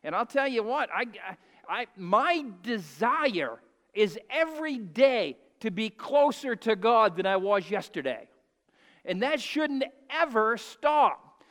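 A man preaching a sermon in a church sanctuary, his voice pitched high for a man. He drops to quiet, hushed asides, then rises to loud, emphatic declarations and has the congregation repeat phrases. The sound carries a long hall reverb. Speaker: pastor.

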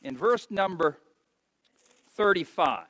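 A man in his fifties preaches an impassioned sermon with a high-pitched voice. He swings between soft, drawn-out stretches and loud, emphatic bursts. The recording is dry and close, with no room sound. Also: lively intonation, no room sound, low-quality recording. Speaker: pastor. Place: church.

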